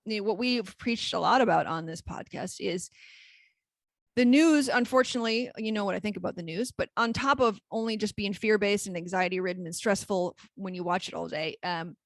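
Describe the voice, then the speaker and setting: A woman's voice: medium pitch, brisk, no echo. A woman in her forties co-hosting a podcast in casual chat, frank and rambling, swearing freely. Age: 40s. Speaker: podcast co-host.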